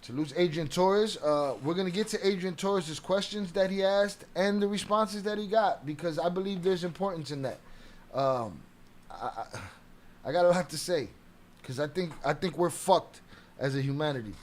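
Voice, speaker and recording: A man's voice: high-pitched, normal speed. A man hosting a casual livestream, talking animatedly and profanely while greeting viewers from the chat. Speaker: livestream host.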